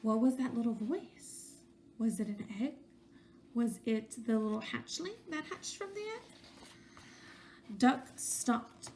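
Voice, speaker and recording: A woman teacher with a high, gravelly voice reads a picture book aloud to young children at an unhurried pace. She stops often to ask the class questions and brings the animals to life with little character voices. A faint hum of room ambience sits under her. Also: expressive, a little mellow.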